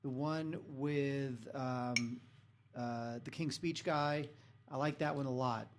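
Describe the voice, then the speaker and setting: A man hosting a podcast, reviewing movies in casual chat in a sardonic, halting way with lots of fillers. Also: mid-range voice, steady tone, background noise. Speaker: podcast host, film reviewer.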